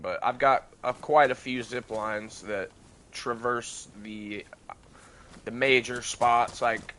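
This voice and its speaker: A young American man talks loosely during a gaming livestream, rambling and cursing as he goes. His voice has a bright, forward tone. A faint background hiss sits under the recording. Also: mid-range voice, low-quality recording. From United States. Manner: loose, rambling, frequent swearing. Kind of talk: casual gaming livestream chat.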